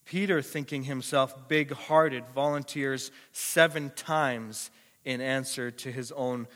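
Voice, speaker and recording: A male pastor preaching a sermon, emphatic and repetitive, swinging from quiet to passionate. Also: mid-range voice, fairly even intonation, slow. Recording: echoey hall reverb.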